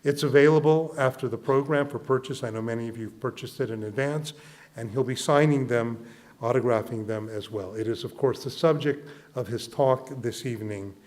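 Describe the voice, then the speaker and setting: A man, a rabbi, gives a formal introduction of an evening's speaker. He reads quotations in a measured way, at a middle pitch. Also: a little mellow.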